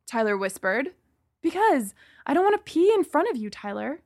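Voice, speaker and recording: Lively young-sounding woman storyteller. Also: on the high side, normal speed, no room sound, clean studio sound. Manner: lively, acting out dialogue. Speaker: narrator. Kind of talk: first-person story reading.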